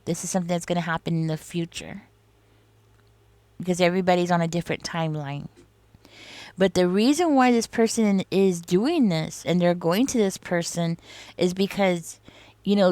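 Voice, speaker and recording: Here a woman tarot reader has a fairly low pitch and a darkish tone, with no room sound in the recording. Her reading is casual and rambling, confiding and aimed straight at the listener, peppered with "like" and "you know."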